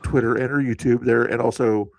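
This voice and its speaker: A man's voice: medium pitch, steady tone, fairly quick, creaky, darkish tone, no echo. A man hosting a livestream, chatting casually about politics and commenting on clips he is rewatching. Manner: conversational, laughs and comments while rewatching clips. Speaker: stream host.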